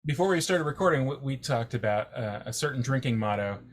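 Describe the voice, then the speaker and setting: A man's voice: medium pitch, expressive, fairly quick, a little hiss or hum. A man co-hosting an interview, prompting the guest in a teasing, hesitant way. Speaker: podcast co-host. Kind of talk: casual interview chat.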